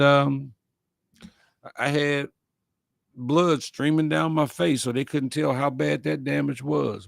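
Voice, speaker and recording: Guy w/ gravelly voice doing a motivational livestream, dry close mic, folksy and emotional. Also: a little high, no echo. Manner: folksy Southern-style phrasing, emotional, repeats phrases. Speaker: host of an inspirational livestream show. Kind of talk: heartfelt motivational talk.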